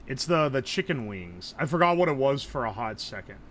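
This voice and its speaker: A young man, chatting casually on a live stream, loud and joking, swearing often and laughing a lot. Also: mid-range voice, sing-song, brisk, slight background noise. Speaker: livestreamer.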